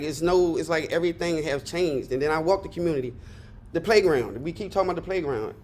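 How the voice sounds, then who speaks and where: A man's voice: medium pitch, darkish tone, slight background noise. Earnest middle-aged man at public comment. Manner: earnest, rambling, frustrated. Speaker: community member giving public comment. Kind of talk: public hearing testimony.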